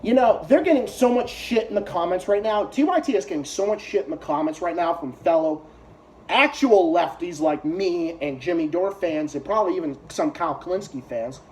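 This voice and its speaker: A man's voice: high-pitched, expressive, brisk, a little mellow, a little hiss or hum. A man giving a heated, profane reaction rant to video clips, talking as a YouTube commentator.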